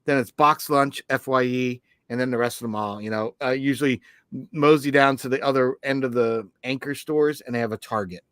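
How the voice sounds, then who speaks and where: A man's voice: medium pitch, a little fast, a bit bright, clear, resonant tone, dry recording. A middle-aged man co-hosting a podcast, meandering through anecdotes and restarting his sentences. His voice sits mid-range and sounds dry and close. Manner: rambling, storytelling with restarts. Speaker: podcast co-host. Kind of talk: casual podcast chat.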